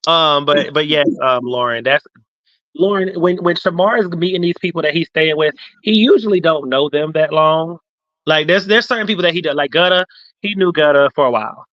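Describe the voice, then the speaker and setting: Man, casual host, fairly high-pitched, animated explainer, dull dry online audio. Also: fairly quick, no echo. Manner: animated storyteller who acts out quotes and reads viewer comments aloud. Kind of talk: casual chat.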